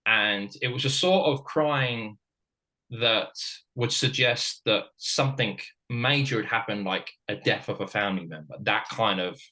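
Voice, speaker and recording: A middle-aged man from Britain recounts his past in a frank, halting way, often restarting his sentences. His voice is low and has a forceful, bright edge. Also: low-quality recording. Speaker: former ice hockey player and coach, guest. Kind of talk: candid personal storytelling.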